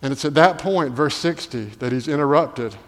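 A man's voice: a little high, moderate pace. A male pastor delivering a sermon, asking rhetorical questions and building to emphatic peaks. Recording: long hall reverb.

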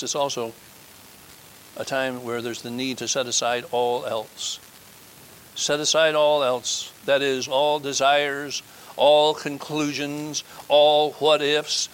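A man's voice: mid-range voice, little pitch movement, takes it slowly, a bit bright, a little hiss or hum, low-quality recording. A man preaching a communion sermon, stressing his points by repeating key phrases and building to fervent appeals.

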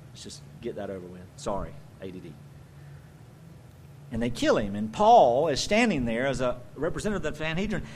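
A man preaching a sermon as pastor, swinging from loud emphatic bursts to quiet conversational asides. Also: mid-range voice, a little hiss or hum.

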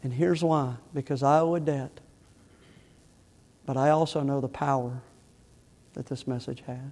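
A middle-aged male pastor preaching a sermon in church, impassioned, rising loud and falling soft. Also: medium pitch, fairly even intonation, unhurried, long reverb tail. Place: church sanctuary.

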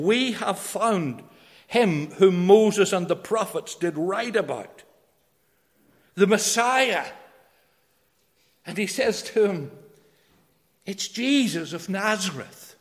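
High-voiced preacher in a reverberant hall. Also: male voice, expressive, slow, long pauses. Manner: emphatic, swings from loud to hushed. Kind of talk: sermon.

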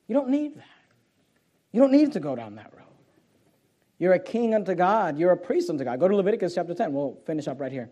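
A man's voice: high voice, animated, fairly quick, pauses often, a little mellow. A man preaching a sermon to a church congregation, reading scripture aloud with mounting force. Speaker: pastor. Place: church auditorium.

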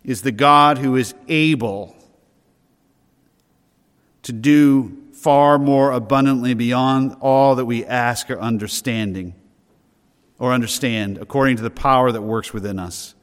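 A man's voice: mid-range voice, smooth. Male preacher in a reverberant hall. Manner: earnest preaching, slowing down to stress key words. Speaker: pastor. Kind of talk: sermon.

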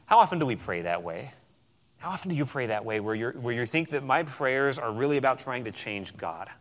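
A pastor preaching a sermon with emphatic swings between loud declarations and quiet, low passages. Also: male voice, expressive, brisk.

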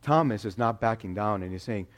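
A man with a lowish voice preaching a sermon. He talks casually to the congregation and acts out the quotes he tells. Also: fairly quick. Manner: conversational, animated preaching with acted quotes. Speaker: pastor.

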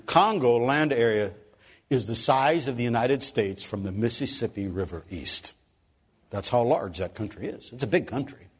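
A man preaching a sermon, telling a story with animated swings from loud emphasis to soft, quiet lines. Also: medium pitch, husky.

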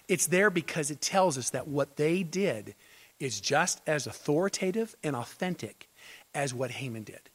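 A man's voice: a little high, lively intonation, moderate pace. A man pastor preaching an expository sermon, emphatic and full of rhetorical questions. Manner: emphatic, rhetorical questions, repeats key phrases.

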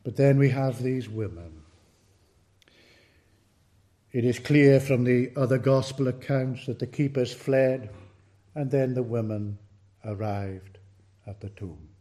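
A man preaching a sermon, slow and emphatic, his voice rising in force on key words and falling away at the ends of sentences. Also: medium pitch, dark tone. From United Kingdom.

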